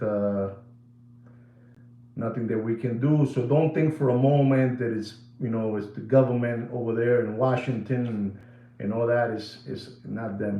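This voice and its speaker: A man rants casually to his viewers in a lively, repetitive way, often slipping into Spanish phrases. His voice sits at an ordinary middle pitch. It bounces around an echoey room. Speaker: watch channel host. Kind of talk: casual rant to camera.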